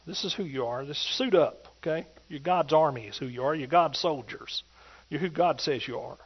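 A man delivers a sermon in a high, ringing voice, pressing each point with emphatic, call-and-response energy toward his congregation. The recording is dull and lo-fi, with muffled treble. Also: normal speed, slightly rough. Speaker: preacher.

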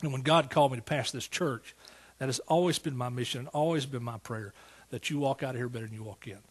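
Husky-voiced preacher in his sixties. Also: mid-range voice, fast. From East Texas. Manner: folksy, storytelling, rising to emphatic praise. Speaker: pastor. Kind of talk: sermon.

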